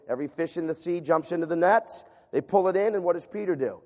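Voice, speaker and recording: A man preaching a sermon and reading scripture aloud, shifting from loud emphatic passages to hushed reading. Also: on the high side, fast, hardly any pauses. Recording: long reverb of a large hall.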